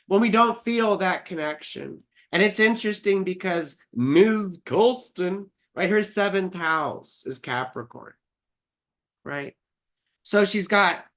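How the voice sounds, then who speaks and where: A woman with a mid-range voice, neither high nor low, hosting a live astrology stream. She drifts from point to point in a loose, conversational way. Casual swearing runs through her talk. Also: fairly bright tone. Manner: rambling, chatty and profane.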